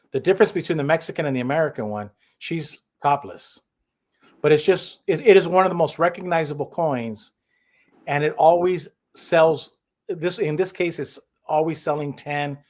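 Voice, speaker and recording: A man's voice: on the high side, normal speed, darkish tone. A man co-hosting a casual online chat show, talking in a heated, emphatic way and often repeating himself. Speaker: co-host.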